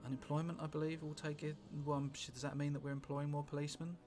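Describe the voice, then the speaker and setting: A British man casually commentating on a strategy game he is playing, rambling and wry, with sweary asides and thinking out loud. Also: a little high, flat delivery, fast. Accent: British English. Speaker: gameplay commentator. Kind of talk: casual let's-play commentary. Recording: music playing underneath.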